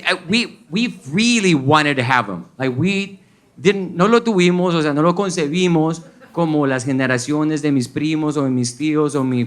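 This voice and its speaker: A man's voice: fairly high pitch, a bit bright. A man in his thirties from Colombia with a Colombian accent, playfully mixing languages during a stand-up comedy set on a club stage. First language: Spanish. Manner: playful, switches languages mid-sentence. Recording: live show with audience noise.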